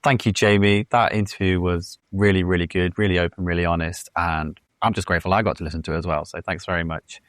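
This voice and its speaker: Fast-talking deep-voiced man. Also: level tone, a bit bright, dry recording, studio quality. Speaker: podcast co-host. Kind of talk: casual podcast chat.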